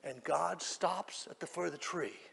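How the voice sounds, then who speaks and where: A man preaching a sermon, telling the story dramatically and swinging from hushed lines to shouts. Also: fairly high pitch, normal speed, gravelly, husky, big-room sound.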